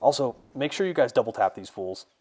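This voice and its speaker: Man doing a young soldier, male, brash, loud, brisk orders. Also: medium pitch, expressive, pitched above the performer's own voice, natural voice.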